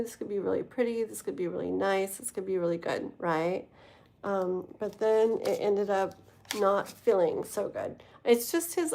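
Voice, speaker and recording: A woman's voice: medium pitch, vocal fry, a little mellow. Rambling, chatty woman tarot reader. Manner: rambling, filler-heavy, casual; chatty, addresses viewers directly. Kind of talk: live-stream tarot reading.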